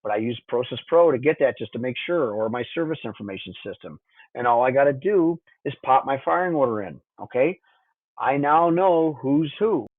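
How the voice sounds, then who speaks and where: A man's voice: mid-range voice, lively intonation, brisk, dry recording. A man teaching diesel engine diagnostics in a conversational webinar, checking in with listeners by asking "okay?" and "would you agree?". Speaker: diesel technician instructor. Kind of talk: technical webinar walkthrough. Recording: dry, tinny phone-like audio.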